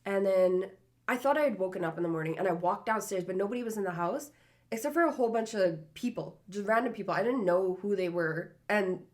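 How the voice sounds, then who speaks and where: A woman's voice: mid-range voice, a little fast, a little mellow. A young woman co-hosting a podcast, chatting casually and telling stories with lots of fillers. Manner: chatty storyteller, lots of "like" and laughs. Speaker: podcast co-host. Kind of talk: casual chat.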